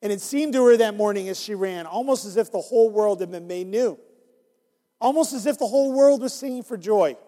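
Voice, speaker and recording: High-voiced guy reading a bible story to kids, lively, big echoey hall. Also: brisk. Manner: animated, coaxing listeners to join in. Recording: long hall reverb.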